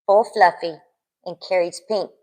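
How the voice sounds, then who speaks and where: A woman's voice: on the low side, fairly even intonation, unhurried, mellow, poor audio. A woman co-hosting a live dog breeding stream, chatting enthusiastically and adding her own tips. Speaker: co-host. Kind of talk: casual live-stream chat.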